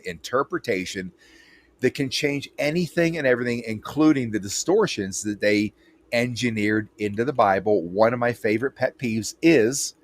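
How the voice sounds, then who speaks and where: Low-voiced guy hosting an interview, blunt and preachy, keeps restarting. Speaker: interview host. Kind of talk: casual interview chat.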